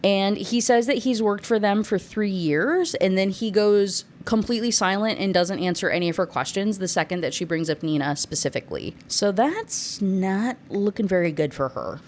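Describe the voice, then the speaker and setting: A woman's voice: medium pitch, normal speed, few pauses, darkish tone, a little hiss or hum. A young woman casually recapping a novel, sarcastic and chatty, acting out the characters' lines. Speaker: book reviewer.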